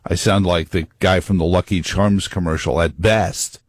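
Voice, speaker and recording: A man hosts a talk radio show from a studio, dropping wry jokes into a long monologue. His voice sits a little low and comes through dry and close on the mic. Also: fairly even intonation, moderate pace, no room sound. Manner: wry, joking asides.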